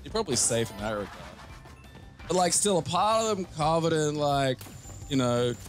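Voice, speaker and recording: A man's voice: on the high side, normal speed. A man chatting casually over a video game, swearing freely and riffing on silly ideas. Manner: animated, swears freely, riffs on jokes. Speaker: co-host of a gameplay channel. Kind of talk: casual gameplay commentary. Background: game music.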